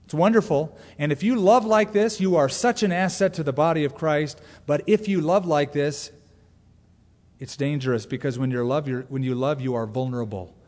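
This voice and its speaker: Pastor preaching in a reverberant hall. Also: male voice, normal speed. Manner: conversational preaching with sudden loud, high-pitched asides. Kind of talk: sermon. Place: church sanctuary. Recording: long hall reverb from a church.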